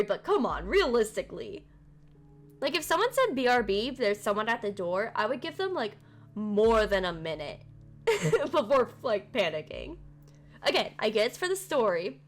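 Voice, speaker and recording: A woman streaming a game live, reading its text aloud and chatting back at the story in a lively, talkative way. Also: fairly high pitch, slight background noise.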